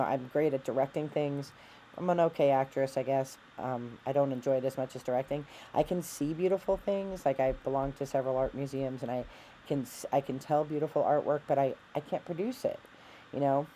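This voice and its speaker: A woman's voice: extremely low pitch, mellow, slight background noise, rough recording. A middle-aged woman telling a candid personal story on her vlog, rambling and self-deprecating, with frequent fillers and restarts. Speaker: vlogger.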